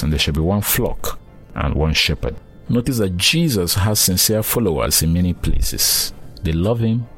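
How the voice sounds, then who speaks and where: A man delivers a sermon in a very deep voice, speaking earnestly and warmly to the listener as a friend. His delivery builds to fervent, emphatic peaks whenever he quotes scripture. Soft music plays faintly beneath him. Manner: addresses listener directly as friend. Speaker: preacher.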